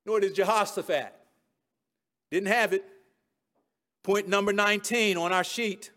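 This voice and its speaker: High-voiced preacher retelling scripture. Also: male voice, steady tone, unhurried, pushed and bright. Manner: storytelling, retelling scripture in modern words; chuckles at his own jokes. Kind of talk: expository sermon.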